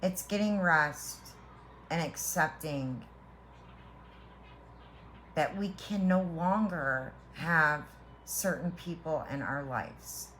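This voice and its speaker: A woman tarot reader gives a heartfelt spiritual reading slowly and earnestly in a lowish, slightly bright voice. Reassuring the listener, she halts and restarts her phrases again and again, with a faint hum of background noise underneath.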